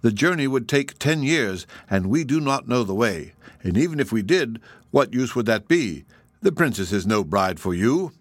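A man's voice: mid-range voice, sing-song, normal speed, no room sound. A man reading the part of an old, cautious merchant who speaks carefully and deferentially.

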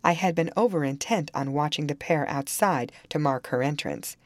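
A woman narrating a classic novel in an expressive, dramatic reading style. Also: sits low, moderate pace, no room sound. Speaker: audiobook reader. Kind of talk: storybook narration.

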